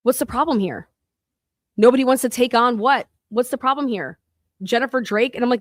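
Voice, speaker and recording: A woman's voice: a little high, a little fast, no room sound, studio quality. A woman podcast host delivering a heated, profane rant in an angry monologue.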